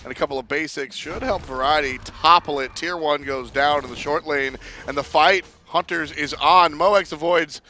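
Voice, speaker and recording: Bright-voiced male color commentator. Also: on the high side, normal speed, hardly any pauses, a little hiss or hum. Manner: analytical, laughs easily. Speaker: esports caster.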